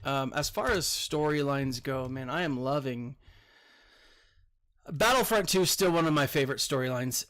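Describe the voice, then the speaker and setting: A man's voice: mid-range voice, fairly bright tone. A man who works as a teacher, chatting casually while commenting on a mobile game, a little tired, rambling with lots of fillers.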